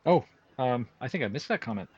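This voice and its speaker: Easygoing man, casual livestream chat, chuckles often, lots of fillers, mid-pitched voice. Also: lively intonation, fairly quick, husky, lo-fi sound. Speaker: prop maker hosting a livestream. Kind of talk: casual chat while working.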